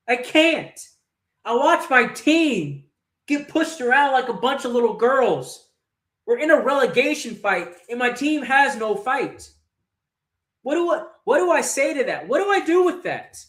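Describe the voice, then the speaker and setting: A man's voice: extremely high pitch, animated, moderate pace, fairly bright tone. A man hosting a football fan livestream, delivering an angry, profane match-reaction rant full of rhetorical questions. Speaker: host of a football fan channel. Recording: roomy echo.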